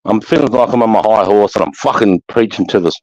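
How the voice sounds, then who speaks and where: A man's voice: lowish voice, fast, darkish tone, dry recording. Australian man, talk host, preachy, heavy swearing, dull lo-fi sound, dry close audio. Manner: blunt and heavily profane, preaching with emphasis. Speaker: host of a live chat show. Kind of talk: casual spoken monologue.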